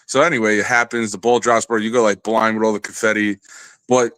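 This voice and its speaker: A man telling a long, animated and profane story in a casual podcast chat. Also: on the low side, brisk, clear, resonant tone, dry recording. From New York area.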